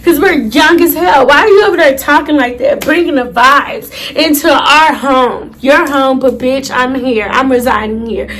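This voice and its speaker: Animated, high-voiced young woman telling a story. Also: moderate pace, hardly any pauses, slight background noise. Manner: animated, profane, dramatic retelling with asides to viewers. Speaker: storytime YouTuber. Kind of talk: casual storytime vlog.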